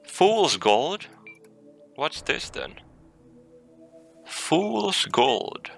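A man's voice: fairly high pitch, very animated, very slow, vocal fry, a bit bright, soft background music. A man giving casual commentary on a game he is playing, swearing often, making frustrated outbursts and reading item text aloud. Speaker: let's play gamer.

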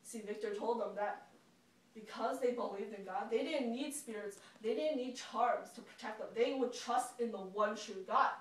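Animated woman telling a children's story. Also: on the high side, moderate pace. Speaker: children's Bible teacher. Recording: echoey room from far off.

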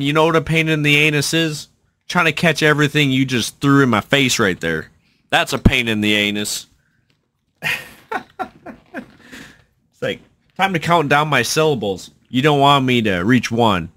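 Bright-voiced guy chatting excitedly. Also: mid-range voice, a little slow, long pauses, a little hiss or hum. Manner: excited, chatty, thinking out loud with restarts. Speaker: musician reacting to a song. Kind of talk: casual reaction commentary.

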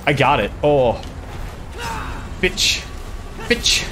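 A man giving casual, profane, excitable commentary while playing a video game. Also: mid-range voice, drawn-out words, music in the background. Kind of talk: casual let's-play commentary. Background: game soundtrack and sound effects.

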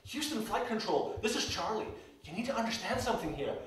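A frightened small-plane pilot, played by a man, calls in an urgent report in a high, strained voice. The sound is roomy and heavily echoing, picked up from well away from the mic. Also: sing-song, fast talker. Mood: anxious. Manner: urgent, anxious radio report. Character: panicked small-plane pilot, male adult, out of his depth. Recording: echoey room, mic far off.

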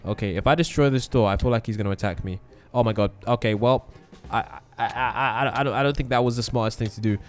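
Man, mid-pitched gaming host, excitable let's-play narrator with light music underneath. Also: quick pace. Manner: excitable, exclaiming often, thinking aloud. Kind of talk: let's-play gameplay commentary.

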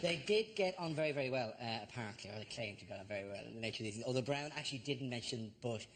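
A man's voice: medium pitch, animated, very fast. A man hosting a comedy panel show, joking wryly with the panelists. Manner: wry, jokey. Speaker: host. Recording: noisy TV studio audio.

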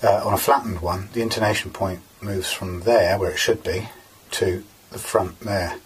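A man's voice: low-pitched, fairly even intonation, normal speed, slightly rough, low-quality recording. A man casually talking through guitar fret work in a workshop, rambling with many fillers as he explains each step. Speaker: guitar repairer.

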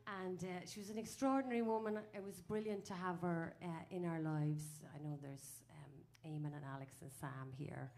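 A woman's voice: on the low side, steady tone, normal speed, hardly any pauses, darkish tone. An Irish folk singer chatting onstage between songs, rambling with many fillers and laughing at her own stories. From Ireland. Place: small live music venue.

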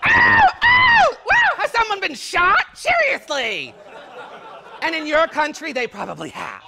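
A woman's voice: high-pitched, wildly swooping pitch, unhurried, gravelly. A Canadian drag queen performing a crude, teasing stand-up set on stage. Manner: brash, crude punchlines, teasing the audience. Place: stage before a live audience. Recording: loud live crowd and noise.

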